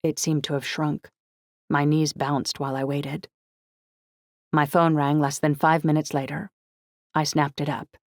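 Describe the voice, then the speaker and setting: Woman reading a novel out loud, gravelly low voice, steady, super dry close mic. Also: moderate pace, no echo. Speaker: audiobook narrator. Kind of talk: first-person novel narration. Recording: dry close studio audiobook.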